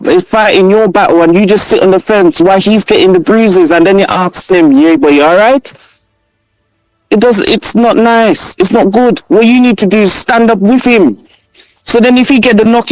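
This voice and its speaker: A man's voice: high voice, dry recording, low-quality recording. A man from Trinidad who lives in England, with a Trinidadian accent, calling in to a radio talk show and preaching his point with repeated slogans. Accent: Trinidadian, living in England. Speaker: caller. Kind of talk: impassioned call-in radio.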